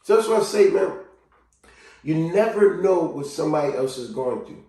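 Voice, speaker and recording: A man giving a casual motivational talk to camera, animated, acting out cheerful greetings and quiet sad confessions. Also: normal speed, distant mic. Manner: animated, acts out greetings in a higher voice and sad confessions in a low murmur. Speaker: vlogger. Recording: very echoey room, voice from off mic.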